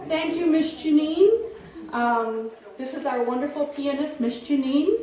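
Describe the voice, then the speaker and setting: A woman leading a congregation, speaking gently and encouragingly between songs in a church sanctuary. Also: on the high side, slight background noise. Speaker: service leader. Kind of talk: leading a congregation, singing and announcing. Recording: echoey hall from far off, with piano.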